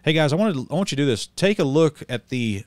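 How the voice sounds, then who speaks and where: A middle-aged man preaching in a heated commentary video, swinging from loud outrage to low calm and often repeating words. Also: quick pace, no room sound. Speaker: street preacher and channel host.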